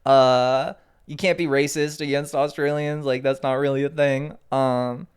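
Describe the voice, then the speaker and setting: A man's voice: medium pitch, fairly even intonation, a little slow, smooth. A young man co-hosting a podcast in loose casual chat, swearing freely and laughing often. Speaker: podcast co-host.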